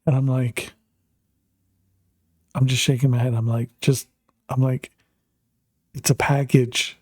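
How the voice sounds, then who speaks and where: Man, middle-aged, Canadian, gaming streamer, rambling chatty storytelling, mellow dark voice, dry close sound. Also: medium pitch, unhurried, slightly rough, no echo. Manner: rambling, animated, lots of fillers. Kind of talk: casual storytelling while gaming.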